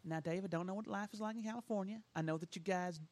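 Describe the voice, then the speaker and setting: A man putting on the voice of a pious Southern Baptist man who scolds slowly and disapprovingly. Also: high voice, a little mellow. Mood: preachy. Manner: slow, disapproving sermonizing.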